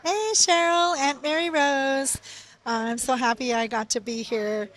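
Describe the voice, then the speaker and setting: A woman leaving a gentle, hesitant birthday voice message as an aunt, with frequent pauses. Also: sits high, steady tone, soft background music. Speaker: aunt, party guest. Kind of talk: guest book voice message.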